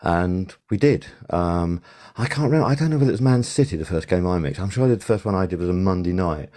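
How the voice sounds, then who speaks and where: An older man spins rambling stories in a relaxed podcast interview, stopping often for fillers and restarts. His voice sits low. The tone is dark and mellow. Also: quick pace. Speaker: podcast guest, sound supervisor. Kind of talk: casual interview.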